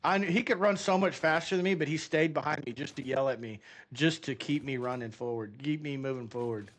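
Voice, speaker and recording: A middle-aged man chats casually while he plays a game, his voice sitting a bit high for a man. He tells long, animated stories that ramble along, full of fillers and restarts. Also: fairly quick. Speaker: gaming streamer.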